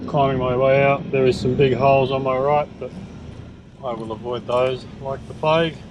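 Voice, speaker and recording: Man, casual vlog narration, relaxed, outdoor, noisy background. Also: medium pitch, normal speed, dull audio. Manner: relaxed, chatty, talks while cooking and driving. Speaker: vlogger. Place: outdoors at a bush campsite and in a vehicle.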